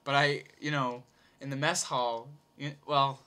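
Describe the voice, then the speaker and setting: A man's voice: mid-range voice, level tone, unhurried, bright, forceful tone, smooth. A man telling a long, rambling story in a casual, off-the-cuff way, swearing and laughing easily.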